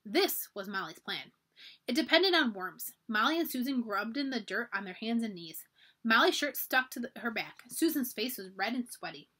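Woman reading a kids chapter book out loud, husky voice that swoops all over. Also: a little high, moderate pace. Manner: expressive, animated narration. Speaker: library storyteller. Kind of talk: children's storybook read-aloud.

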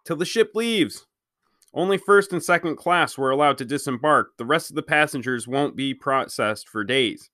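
A man's voice: fairly high pitch, normal speed, sharp tone, no room sound, studio quality. A man reading a storybook aloud, voicing an urgent, commanding mustached man who directs a rescue from a dock. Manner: urgent, bossy and insistent. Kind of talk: read-aloud character voice.

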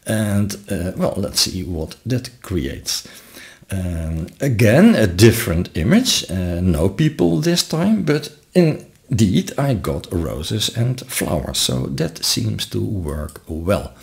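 A man talks through a software tutorial at a slow, unhurried pace. His low voice is gravelly. His pitch rises and falls a lot as he explains each step. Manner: relaxed, explains step by step with frequent uh fillers. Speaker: tutorial host. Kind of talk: screen-recorded software tutorial.

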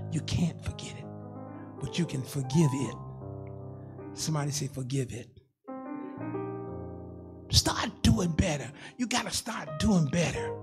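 A high-pitched pastor in his sixties preaches a sermon in a folksy, rhythmic style. He repeats phrases and calls for responses from the congregation.

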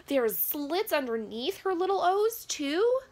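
A comedic reaction host uses an exaggerated voice with an extremely high pitch, wide swings, a slow pace and a darkish tone. She plays a prim, nosy grandmother reacting to a pop performance with prudish, flustered, rambling remarks and quaint asides.

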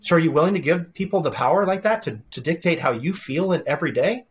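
A middle-aged man being interviewed as a leadership speaker, telling animated family anecdotes with frequent restarts. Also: fairly high pitch, fast. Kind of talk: conversational interview storytelling.

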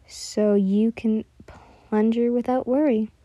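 A calm and loyal young man of the court, gentle and reassuring when he speaks, voiced by a woman reading aloud. The sound is warm and mellow, close and dry with no room around it. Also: fairly high pitch, slow, dry recording. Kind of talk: storybook reading.

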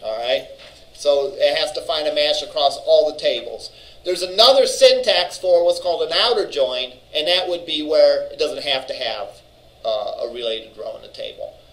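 Man, college instructor, classroom lecture, fairly high voice, conversational, thinks aloud. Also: moderate pace, a bit bright, poor audio. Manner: conversational, checks in with "all right?"; thinks aloud with fillers and restarts.

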